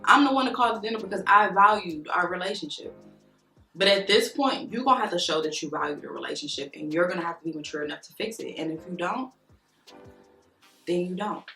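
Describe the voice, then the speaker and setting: A woman's voice: lowish voice, fast, gravelly, bright, forceful tone. A woman vlogger telling a story while doing her makeup, venting in a heated, profane, emphatic way. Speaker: beauty vlogger. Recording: roomy room with faint music.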